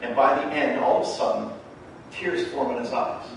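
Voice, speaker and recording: A man preaching a sermon as a pastor, telling stories in an animated way and acting out the dialogue. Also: mid-range voice, normal speed. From Canada. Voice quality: animated storyteller who acts out the dialogue in his stories. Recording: very echoey hall, mic far off, faint background noise.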